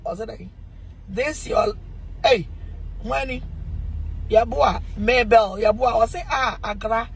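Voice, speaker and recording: Brief: high-pitched Ghanaian woman pastor, excitable, chatting to viewers on a phone stream. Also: slow, long pauses, slight background noise, rough recording. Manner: excitable, exclaiming, breaks into bits of song. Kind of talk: casual live-stream talk reading viewer comments.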